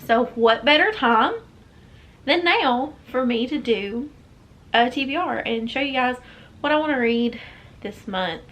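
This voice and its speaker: A woman's voice: on the high side, lively intonation, measured pace, long pauses, fairly bright tone. A young woman with a Southern US accent chatting casually as a book vlogger, rambling with many fillers and restarts. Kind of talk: casual chat.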